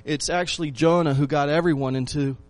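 A man preaching a sermon, asking his listeners rhetorical questions and repeating phrases for emphasis, swinging between loud lines and hushed ones. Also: fairly high pitch, fairly even intonation, a little fast, dry recording. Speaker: pastor.

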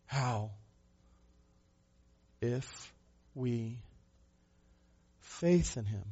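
Husky-voiced man preaching a sermon. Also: medium pitch, animated, takes it slowly, muffled recording. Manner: emphatic, rhetorical questions, shifting between loud and soft. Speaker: pastor.

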